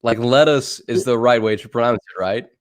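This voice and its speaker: A man's voice: medium pitch, normal speed. Young Dutch guy chatting on a livestream. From Netherlands. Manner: laughing, swearing, rambling. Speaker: livestream co-host. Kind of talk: casual livestream chat.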